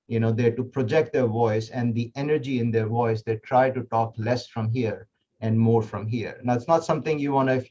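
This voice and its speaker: A man's voice: medium pitch, darkish tone. A man leads an online workshop on interview skills in a loose, conversational way, often circling back with fillers and restarts. His video call audio sounds a little muffled, with faint background hum. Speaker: interview coach giving a workshop talk.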